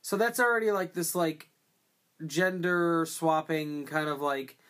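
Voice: medium pitch, fairly even intonation, measured pace, a bit bright. A podcast co-host in a casual movie discussion, rambling with many fillers and restarts and swearing freely.

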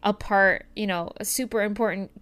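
A woman's voice: mid-range voice, steady tone, moderate pace, fairly bright tone, smooth. A woman co-hosting a casual podcast chat, talking in a rambling, hesitant way with many fillers. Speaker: podcast co-host reviewing an anime film.

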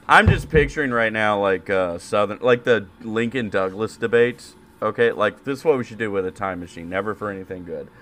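A man's voice: fairly low pitch, normal speed, a bit bright. A man co-hosting a podcast in casual chat, sarcastic and crude. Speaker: podcast co-host.

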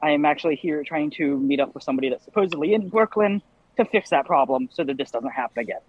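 A man's voice: on the high side, fast talker, no room sound, lo-fi sound. A man playing his character in a tabletop game, hesitant and full of fillers. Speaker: player. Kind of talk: casual in-character play.

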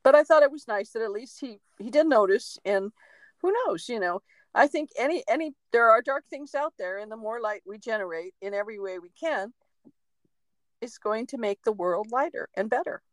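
A woman co-hosting a podcast, a medium telling a story in a lively, chatty way with laughs and acted-out quotes. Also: on the high side, moderate pace, no echo, poor audio. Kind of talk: casual storytelling chat.

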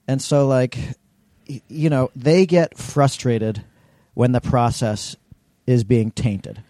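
A man co-hosting a podcast in loose, casual chat. His voice is mellow and dark, and the recording is dry and close. He tells anecdotes with plenty of casual profanity. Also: mid-range voice, fairly even intonation, takes it slowly, no echo. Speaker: podcast co-host.

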